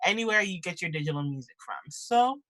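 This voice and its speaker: A woman's voice: lowish voice, animated, a little fast, a bit bright. A young woman, a musician presenting her new single, chatting casually with lots of "like" and "um" on a video call from home. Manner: chatty, leans on "like" and "um". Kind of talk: casual chat in a virtual concert.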